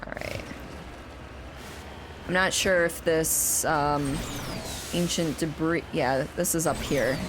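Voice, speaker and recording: A woman with a slightly low voice streams a game and chats casually with her viewers. She rambles and restarts her sentences. Steady noise runs under her voice. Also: slow, long pauses. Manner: rambling and chatty, with frequent restarts. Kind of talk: casual chat while playing and reading chat aloud.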